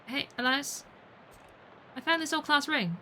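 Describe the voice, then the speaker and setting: Chatty woman gaming streamer, bright voice. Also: sits high, expressive, a little slow, a little hiss or hum, low-quality recording. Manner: chatty and playful, muttering to herself with wordplay. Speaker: streamer playing a video game. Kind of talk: gaming livestream commentary.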